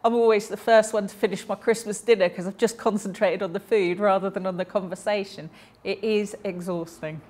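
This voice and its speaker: A woman's voice: medium pitch, steady tone, fairly quick, hardly any pauses, darkish tone, a little hiss or hum. A woman, voicing a deaf speaker's personal stories aloud in a chatty, anecdotal way, with small self-corrections along the way.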